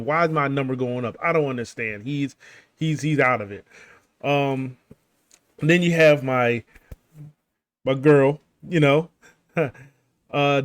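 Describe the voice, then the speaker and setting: A man's voice: on the high side, dry recording. A man casually recapping a manga chapter over game footage, rambling with lots of fillers, restarts and little chuckles. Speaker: gaming channel host recapping a manga chapter.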